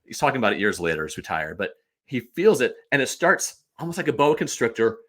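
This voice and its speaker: A man from the St. Louis area, a podcast guest, telling stories in an animated, rambling way with lots of restarts. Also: mid-range voice, fast talker. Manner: animated, digressive storyteller. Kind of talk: casual chat.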